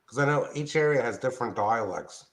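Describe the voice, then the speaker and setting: A man's voice: mid-range voice, expressive, a little fast. A man from southeastern Pennsylvania chatting as a caller, asking plain questions. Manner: easygoing, asks plain questions. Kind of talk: casual call-in chat.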